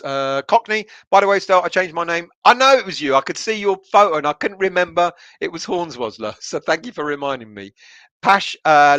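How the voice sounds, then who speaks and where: A man's voice: a little high, sharp tone, no echo. A man from England hosting a casual live stream, reading out viewers' comments and answering each one in a chatty way, with lots of fillers and restarts. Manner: chatty, laughs often, many fillers and restarts. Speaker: podcast host reading live chat comments.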